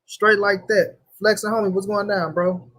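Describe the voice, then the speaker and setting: Young man, high voice, slangy livestream host, loose chatty delivery. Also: little pitch movement, moderate pace, sharp tone. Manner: loose slangy talk, greets chatters by name. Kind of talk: casual livestream chat.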